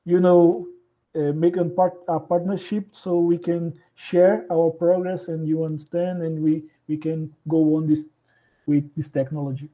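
A man from Brazil with a Brazilian Portuguese accent, speaking English as a second language as a guest, halting and restarting as he searches for words. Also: a little high, little pitch movement, warm tone, poor audio. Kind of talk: casual interview conversation.

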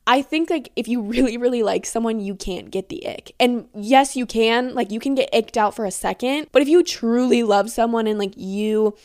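Young woman on her podcast, kinda high voice, rambly and giggly, says like a lot. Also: moderate pace, hardly any pauses, a little mellow. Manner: rambling, giggly, lots of filler words, swears casually. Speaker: podcast host. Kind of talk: casual chat.

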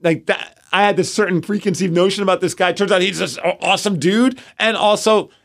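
Here a thirties-aged podcast co-host speaks in a high voice at a slightly fast clip. Chatting casually, he spins lively anecdotes at his own expense and voices his inner thoughts aloud.

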